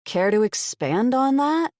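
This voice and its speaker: A woman voicing a fierce young heroine with a siren voice, sharp and defiant in her questions. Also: fairly high pitch, big pitch swings, measured pace, no room sound, clean studio sound, voice pushed up. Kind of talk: audiobook character voice.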